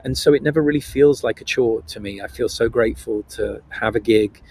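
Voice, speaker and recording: A man's voice: mid-range voice, a little fast, creaky, a little mellow, husky. A middle-aged Welsh man with a Welsh accent, speaking as a guest actor in a podcast interview, earnest and reflective with playful storytelling. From Wales.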